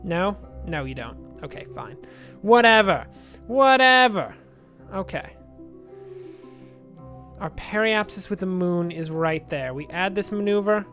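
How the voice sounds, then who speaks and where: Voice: mid-range voice, unhurried, long pauses, soft background music. A let's play gamer giving chatty game commentary, thinking aloud and drifting into jokey tangents.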